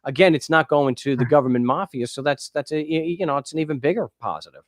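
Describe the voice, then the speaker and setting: A man hosting a call-in talk show, encouraging his caller and thinking aloud with halting restarts. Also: a little high, no room sound, clean studio sound. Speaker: show host.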